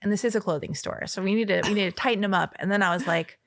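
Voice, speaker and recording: A woman's voice: mid-range voice, rapid-fire, dry recording, clean studio sound. A woman in her forties from Los Angeles, telling stories as a podcast guest and acting out the quotes in them. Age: 40s. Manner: animated storyteller who acts out quotes. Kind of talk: casual chat.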